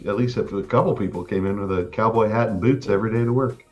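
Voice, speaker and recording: A man co-hosting a casual podcast chat, laid-back and quick with short agreements. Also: fairly low pitch, darkish tone, muffled recording. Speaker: podcast co-host.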